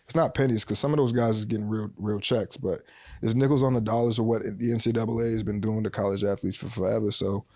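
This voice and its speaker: A man talking casually as a podcast guest, animated and emphatic, full of slang. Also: lowish voice, fast, no room sound, studio quality.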